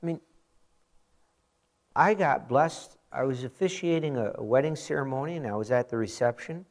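A man in his forties, a pastor, giving a conversational sermon with animated storytelling and frequent asides. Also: medium pitch, moderate pace.

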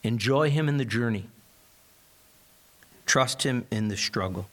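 A pastor preaching a sermon, reading scripture and retelling it in an earnest, conversational way. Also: male voice, mid-range voice, measured pace, a bit bright.

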